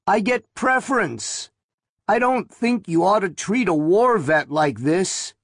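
A man's voice: high voice, lively intonation, slow, no room sound, clean studio sound, voice pushed up, heavily acted. Man doing a quavering, panicked old man. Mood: indignant. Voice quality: quavering, weak. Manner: panicky, pleading. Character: frightened old man buried alive, quavering.

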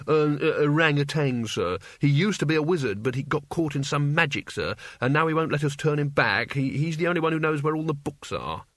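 A man's voice: on the high side, lively intonation, a little fast, hardly any pauses, fairly bright tone, no echo, studio quality. A man voicing a nervous, cringing male wizard who stammers and fawns with endless apologies, in a storybook reading. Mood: fawning. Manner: fawning, stammering, over-apologetic.

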